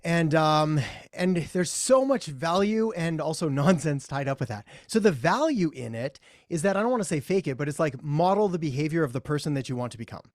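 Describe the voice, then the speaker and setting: A man's voice: a little high, expressive, a little fast, no room sound, clean studio sound. A man co-hosting a casual business workshop on a video call, talking thoughtfully with frequent restarts. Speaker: workshop host. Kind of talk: casual webinar discussion.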